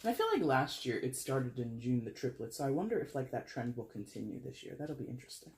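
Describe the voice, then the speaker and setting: A man's voice: mid-range voice, sing-song, quick pace, darkish tone. A man hosting a casual tarot reading for his viewers, talking in a chatty, rambling way and correcting himself as he goes. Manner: addresses viewers as guys. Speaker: tarot reader.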